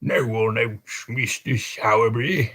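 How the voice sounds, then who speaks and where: A man's voice: medium pitch, steady tone, slow pace, fairly bright tone, breathy edge, exaggerated voice. A man voicing a pompous, bullying parish official who scolds a boy, read aloud from a storybook. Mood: scolding. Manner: scolding, blustering.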